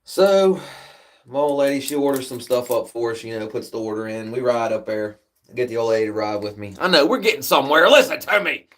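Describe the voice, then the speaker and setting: A man's voice: medium pitch, expressive, a little fast, a bit bright. A man hosting a livestream, telling a long story casually, rambling and swearing, with "man" at the end of many sentences. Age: adult with a daughter. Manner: rambling, profane, peppers speech with "man". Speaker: livestream host.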